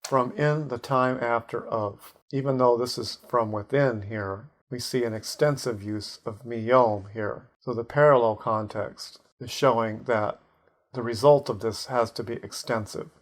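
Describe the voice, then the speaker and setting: A man's voice: mid-range voice, steady tone, a little slow. A man teaching a Hebrew grammar lesson, methodically parsing words and sounding out Hebrew terms.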